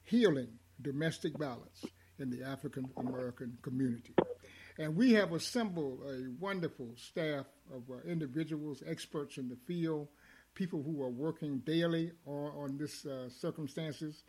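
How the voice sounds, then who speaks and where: A man hosting a discussion program, talking with many pauses, fillers and restarts. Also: fairly high pitch, a little mellow, a little hiss or hum. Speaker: host.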